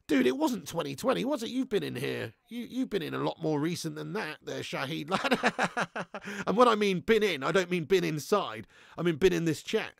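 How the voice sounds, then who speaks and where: Brief: young male streamer, very gravelly, slightly high voice, sweary laddish banter. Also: animated, moderate pace, no echo, studio quality. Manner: laddish banter, swears freely, reads chat aloud, bursts into shouts. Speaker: football watch-along streamer. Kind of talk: live stream chat and commentary.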